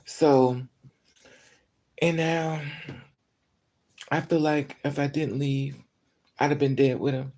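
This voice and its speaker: A vlogger, upset after crying all day, delivers an angry, profanity-laced rant directly to the camera, stumbling through ums and restarts. The medium-pitched, dark voice moves little in pitch, and the pace is slow with frequent pauses.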